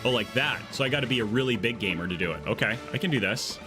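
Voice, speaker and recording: A man's voice: mid-range voice, expressive, fast talker, over music. A man streaming a game live, chatting casually in a rambling, jokey way that drifts off on tangents. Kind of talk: casual live-stream chat while gaming.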